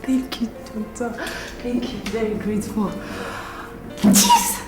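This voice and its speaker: A soothing Nigerian friend. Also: female voice, fairly high pitch, huge pitch swings, slow, echoey room, exaggerated voice. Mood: relieved. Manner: soothing, repeating herself, firm pep talk. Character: caring woman friend of young mother. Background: film score music.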